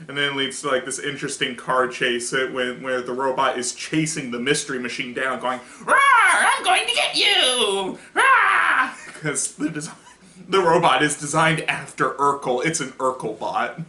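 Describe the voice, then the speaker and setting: A man's voice: medium pitch, pushed and bright. A young man casually reviewing a cartoon episode, rambling with restarts and frequent laughter. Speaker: show reviewer. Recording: echoey room.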